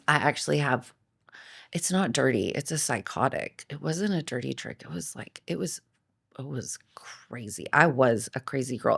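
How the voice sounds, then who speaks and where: A woman hosts a podcast in easygoing conversation, her voice sitting a little low. She tells stories animatedly and laughs often as she goes. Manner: animated storytelling, frequent laughter. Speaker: podcast host. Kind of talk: casual chat.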